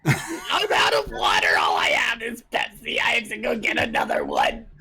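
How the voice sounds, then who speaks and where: A man joining a casual online group chat, excitable and quick to laugh. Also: high voice, gravelly, shouting, a crowd in the background. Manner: excitable, laughs easily, talks over others. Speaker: panel guest.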